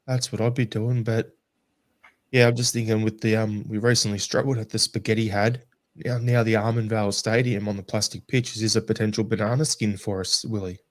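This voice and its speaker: A man's voice: fairly low pitch, level tone, brisk. Man hosting a football podcast, losing his voice. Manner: steers the talk, hands questions to co-hosts. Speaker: podcast host. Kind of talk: casual football chat.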